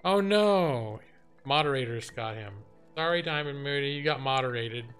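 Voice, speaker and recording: A man's voice: medium pitch, a little fast, soft background music. A young man hosting a live game stream, chatting casually, laughing and reading his chat aloud. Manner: animated, laughing, reads chat and jokes aloud.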